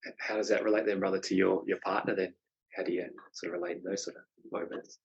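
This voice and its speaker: A man hosting a casual podcast chat, soft-spoken, agreeable and reflective. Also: low-pitched, flat delivery, fast, gravelly, breathy edge, lo-fi sound. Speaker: podcast host.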